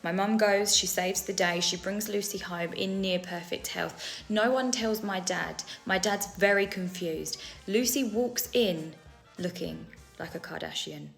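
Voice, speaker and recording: A woman's voice: medium pitch, measured pace, creaky, soft background music. A woman telling a story casually, with wry, dry asides.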